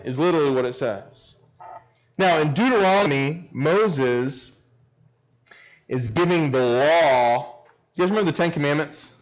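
A man's voice: a little slow, long pauses, poor audio. A man in his thirties preaching a sermon to kids at camp, playful and joking, rising sharply when he stresses a word. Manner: lively, climbs in pitch and loudness when stressing a word; playful and joking with a young audience. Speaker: camp speaker.

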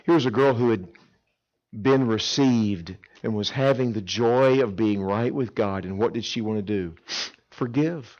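A man preaching a sermon at a camp, telling stories with dramatic swings between loud emphasis and hushed pleas. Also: lowish voice, unhurried. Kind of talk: sermon with storytelling. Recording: dull lo-fi sound.

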